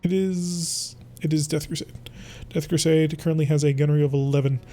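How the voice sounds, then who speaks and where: A man's voice: on the high side, steady tone, a little fast, mellow. A man giving playful, theatrical commentary while playing a strategy game. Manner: playful, theatrical, talks to enemies. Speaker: gameplay commentator. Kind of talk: let's-play commentary.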